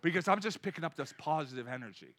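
Fifties male pastor, high and bright, energetic sermon delivery. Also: quick pace, slight background noise. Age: 50s. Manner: energetic preaching, rising loud then dropping to soft storytelling.

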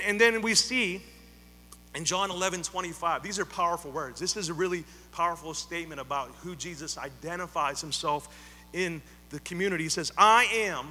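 High bright-voiced male preacher in a hall. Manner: emphatic, repeats phrases, rises to loud appeals. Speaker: pastor. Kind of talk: sermon. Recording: hall reverb, faint hum.

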